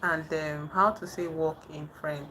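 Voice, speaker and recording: A woman casually chatting on a livestream with viewers, haltingly trying out French phrases. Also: low-pitched, fairly even intonation, bright, forceful tone, slight background noise, low-quality recording. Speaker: livestream host. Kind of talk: casual live chat with viewers. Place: indoors in the dark at night.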